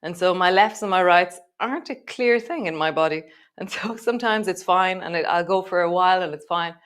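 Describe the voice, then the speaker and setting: A yoga teacher woman leads a live class in a slightly low voice, mixing gentle cues with chatty asides. She laughs easily and pokes fun at herself between instructions. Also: a little fast, clean tone.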